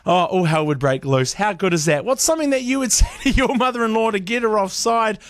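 A man's voice: sits high, lively intonation, a little fast, no echo. A New man hosting a breakfast radio show, chatting playfully with laughing asides. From New Zealand. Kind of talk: casual radio chat.

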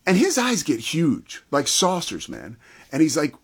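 A man's voice: a little high, wildly swooping pitch, unhurried, vocal fry, slightly rough. A man co-hosting a sports talk show, chatting enthusiastically about football. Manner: enthusiastic, conversational.

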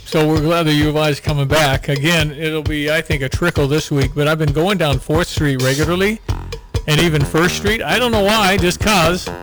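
A man's voice: on the high side, fairly even intonation, moderate pace, a bit bright, faint music behind, rough recording. A man hosting a casual local radio talk show, rambling and joking, often repeating his words. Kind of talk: casual morning radio banter.

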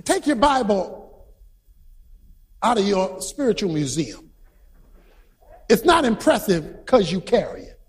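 A man preaching a sermon who tells stories with energy, shouts his points and quizzes the congregation. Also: high voice, slow pace, long pauses, slightly rough. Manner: animated storytelling, shouting for emphasis, quizzing the congregation.

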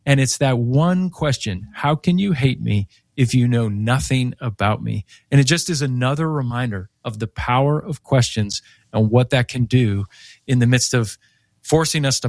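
A man who is an author and guest on a faith radio show, telling stories in an animated way and acting out the quoted voices. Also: medium pitch, no echo.

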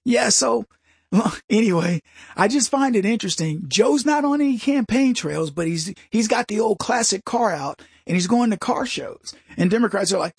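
A man hosting a political talk radio show, ranting in an animated monologue with mocking put-on voices and frequent restarts. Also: sits high, moderate pace, gravelly, husky, no room sound, clean studio sound.

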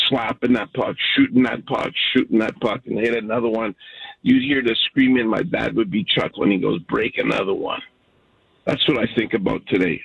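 A husky, gravelly man in his sixties from Canada calls in to a radio talk show, telling a heartfelt story in a rambling, emotional way. His voice comes through a dull, lo-fi phone line with a dry, close sound. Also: lowish voice, fairly bright tone, no echo. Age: 60s. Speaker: caller.

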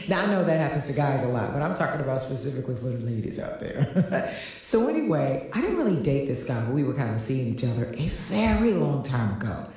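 A woman's voice: very deep voice, sing-song, a little fast, warm tone. A woman co-host reading out a chatty diary story, laughing often and acting out the people she quotes. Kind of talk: storytelling segment. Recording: roomy echo, somewhat off-mic.

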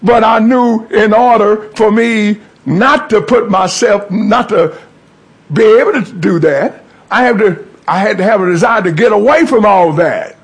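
A man's voice: high voice, a little slow, slightly rough. A middle-aged man preaching a testimony sermon, calling out to the congregation. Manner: call-and-response preaching, rising and falling emphasis.

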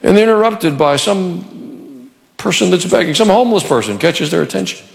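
A male pastor preaching a sermon in a church, animated and conversational with touches of humor. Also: high voice, normal speed, vocal fry, in a large hall.

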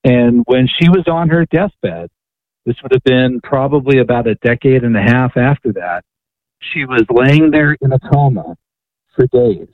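A man's voice: medium pitch, a little slow, no room sound. A male author and radio guest telling a story eagerly, often asking "right?" to check in. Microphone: phone call-in. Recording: tinny phone line.

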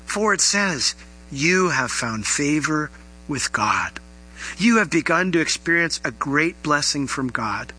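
A middle-aged man preaching with a very bright, ringing voice pitched a little high. He talks in an animated way and lifts into emphatic questions aimed at his listeners. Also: slow pace, slightly rough, rough recording. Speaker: pastor. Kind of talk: sermon.

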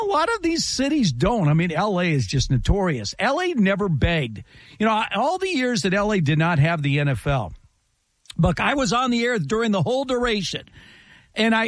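Animated sports radio host. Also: male voice, high-pitched, no room sound. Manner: animated, jokey storytelling. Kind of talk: casual sports talk.

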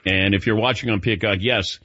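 Man, sports radio host, chatty, joking, husky, dry, dull studio sound. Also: lowish voice, brisk, no echo. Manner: chatty, joking anecdotes, lively. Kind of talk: casual sports talk. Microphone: studio mic.

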